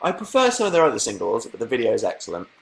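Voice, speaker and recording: A man's voice: medium pitch, huge pitch swings, very fast, vocal fry, slight background noise. Young man, British accent, casual live-stream chat, sarcastic asides, webcam mic at home. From Britain. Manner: dry, sarcastic, playful asides. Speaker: livestream host.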